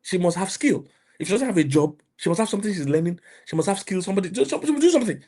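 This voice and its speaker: A middle-aged Nigerian man with a Nigerian accent, preaching and mentoring emphatically, repeating himself and rising to loud outbursts. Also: high-pitched, big pitch swings, racing, breathy edge. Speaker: pastor and mentor. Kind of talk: motivational preaching.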